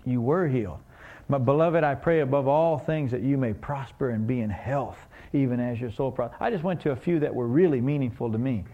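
A man's voice: mid-range voice, fairly quick, warm tone, muffled recording. A man preaching a sermon, telling a story and asking the congregation questions in a conversational way.

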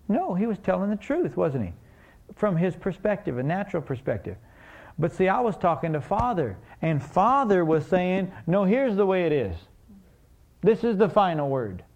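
A man with a gravelly voice preaching a sermon. He tells the story casually and keeps asking the congregation questions. The recording sounds a little dull and lo-fi. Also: a little high, a little mellow. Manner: conversational, asks the congregation questions.

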